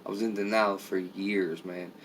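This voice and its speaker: A low, flat-voiced man talks frankly and confessionally, dropping "man" and "okay" as he goes. His voice sits back from the mic, with a faint hum of ambient noise behind him. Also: normal speed, recorded from a distance. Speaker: channel host. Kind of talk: casual talk to camera.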